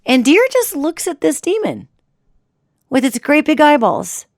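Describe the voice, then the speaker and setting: A middle-aged woman hosting a radio show, telling a story in a chatty, animated way with restarts. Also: sits high, measured pace, no echo, studio quality. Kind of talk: casual storytelling monologue.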